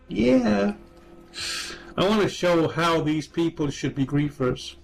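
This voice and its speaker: A man's voice: a little high, drawn-out words, gravelly, long pauses, soft background music. A man trolling strangers in online voice chat, mocking and teasing in a sing-song way.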